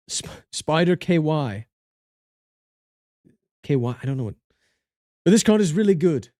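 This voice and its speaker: A man's voice: a little high, mellow, no room sound, studio quality. A man talking casually to his livestream chat, goofy and joking as he reviews game cards.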